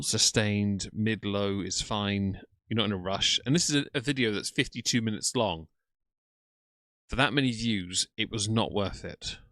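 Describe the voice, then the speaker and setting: A man's voice: on the low side, sharp tone, dry recording. Sarcastic man chatting on a live stream. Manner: chatty, sarcastic, greets chat by name. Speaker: streamer reacting to videos. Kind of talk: casual live-stream commentary.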